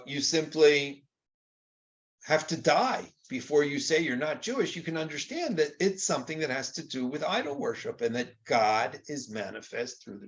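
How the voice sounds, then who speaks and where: A man's voice: mid-range voice, dull audio. An older man teaching Torah in an informal, conversational lecture, often acting out quoted exchanges with rhetorical rises.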